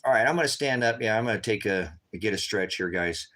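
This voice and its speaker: A man livestreams unscripted to his viewers, his lowish, slightly bright voice animated and fairly quick. Tired from staying up all night, he talks urgently and repetitively, constantly calling his audience "guys."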